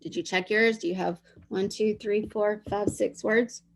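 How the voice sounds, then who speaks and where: A woman's voice: medium pitch, steady tone, measured pace, gravelly. A woman teacher leading young children through a dictation lesson, sounding out words and spelling them letter by letter.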